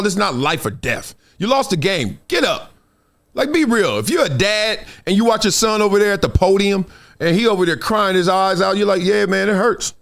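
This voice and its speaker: A man hosting a live sports talk stream, his voice sitting high and swooping widely as he makes his points. He laughs easily and drops low for mocking quotes. It is fast, conversational debate. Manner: animated, swings pitch for put-on quotes, laughs often. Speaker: host.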